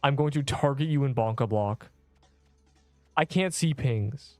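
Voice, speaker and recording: A man's voice: medium pitch, unhurried, darkish tone, no room sound, faint music behind. A young man streaming a game, bantering sarcastically with his chat in a casual, joking way.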